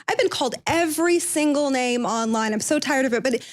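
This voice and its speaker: A woman's voice: sits high, a little fast. A woman from Kentucky, a guest commentator on a panel, speaking passionately, close to tears and apologizing for her anger. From Kentucky, USA. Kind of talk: emotional panel talk.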